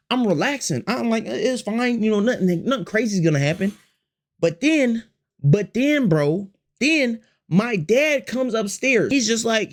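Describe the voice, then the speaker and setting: Lively slangy male storyteller. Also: sits high. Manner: slangy, profane, repeats phrases, acts out quotes. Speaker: storytime vlogger. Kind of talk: animated storytime to chat.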